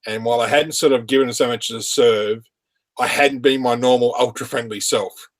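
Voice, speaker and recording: A man's voice: medium pitch, steady tone, normal speed. A man telling rambling work anecdotes in casual chat, laughing often. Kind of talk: casual chat on a live stream.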